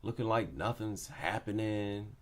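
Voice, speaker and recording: A man's voice: fairly low pitch, unhurried. A man giving a casual, opinionated breakdown of MMA fights, repeating his points for emphasis. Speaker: MMA commentator.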